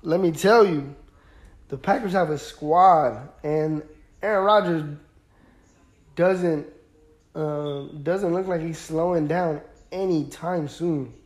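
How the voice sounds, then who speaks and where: A man's voice: fairly high pitch, takes it slowly. A young man hosting a podcast, chatting casually about sports in a laid-back, rambling way with lots of fillers. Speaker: podcast host.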